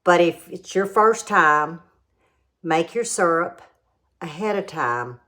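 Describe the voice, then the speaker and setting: A middle-aged woman with a drawl talks through a home cooking demo and tasting in a chatty, homey way. Her voice sits low and unhurried, and she explains each step patiently. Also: expressive, fairly bright tone.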